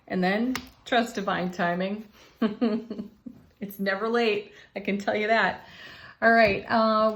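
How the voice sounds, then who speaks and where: A woman's voice: mid-range voice, slight background noise. A woman reading tarot and oracle cards in a casual, encouraging way, laughing often as she talks. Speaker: tarot and oracle card reader. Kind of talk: casual spiritual card reading.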